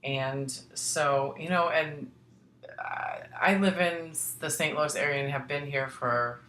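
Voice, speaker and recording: A woman's voice: sits low, takes it slowly, fairly bright tone. A middle-aged woman from Missouri hosting a crafting podcast, chatting casually and rambling with frequent restarts. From Missouri, United States. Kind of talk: casual chat. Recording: echoey room.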